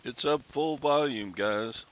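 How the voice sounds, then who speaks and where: A man's voice: mid-range voice, takes it slowly, fairly bright tone, dull audio. A man hosting a casual live stream about reselling, grumbling and joking dryly into a headset mic.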